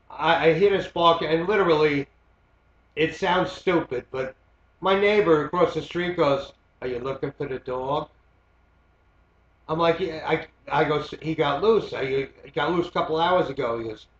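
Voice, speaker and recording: A man's voice: a little high, normal speed, fairly bright tone. A man, hosting a show and telling a story in a rambling, profane way, full of "uh" and "you know". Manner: rambling, profane, many fillers. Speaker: host. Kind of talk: casual storytelling monologue. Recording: echoey muffled lo-fi home recording.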